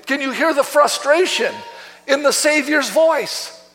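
A man's voice: extremely high pitch, measured pace, fairly bright tone, in a large hall. A man preaching a sermon as pastor, emphatic and quoting scripture from the pulpit in a church. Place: church sanctuary.

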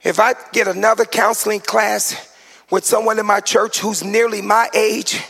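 A pastor in his forties preaching a sermon with a sing-song cadence, shouted peaks and humorous asides. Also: high-pitched, flat delivery, normal speed, vocal fry, long reverb tail. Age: 40s.

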